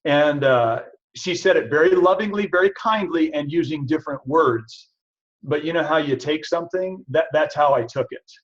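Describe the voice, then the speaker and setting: Husky-voiced chiropractor, chatty and lo-fi. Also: male voice, on the high side, moderate pace. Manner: chatty, self-deprecating, animated storytelling. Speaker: chiropractor presenting products. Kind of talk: casual product talk to an audience. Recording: dull lo-fi recording.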